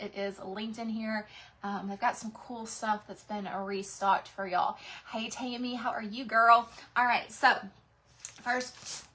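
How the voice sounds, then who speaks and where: Speaking in a fairly high, somewhat bright voice, this Texas-accented woman runs a relaxed craft livestream out of her craft room. She greets viewers by name as she chats with them.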